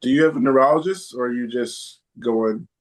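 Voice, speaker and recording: A man hosting a casual podcast, reading out listener comments and thinking aloud with hesitant pauses. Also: medium pitch. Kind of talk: casual chat.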